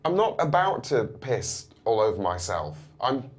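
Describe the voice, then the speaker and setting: A lively, scheming young Englishman. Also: mid-range voice, unhurried. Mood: boastful. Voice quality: lively, boastful. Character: carefree young man, scheming and excitable. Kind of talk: sitcom acting.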